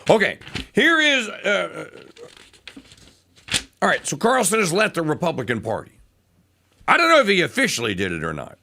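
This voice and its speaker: A man hosting a talk radio show, talking in an animated, mocking way and breaking into voices. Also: on the high side, moderate pace, gravelly, pauses often, background noise. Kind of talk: opinionated talk radio monologue.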